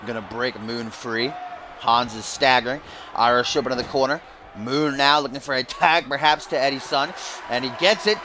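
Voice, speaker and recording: A young man doing mock play-by-play commentary over a wrestling video game, bursting into shouts at big moves. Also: mid-range voice, normal speed. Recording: loud game crowd and noise behind. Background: loud arena crowd and game sounds.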